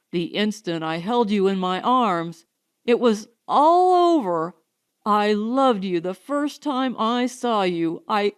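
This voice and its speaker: A woman voicing an earnest, impulsive young man confessing his love, in a pleading tone, slowly paced. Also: high-pitched, smooth. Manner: ardent, pleading.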